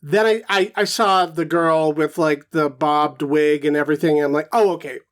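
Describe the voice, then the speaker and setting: A man's voice: fairly high pitch, fairly even intonation, normal speed. A man co-hosting a podcast, chatting casually about a film and thinking aloud with lots of fillers. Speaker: podcast co-host.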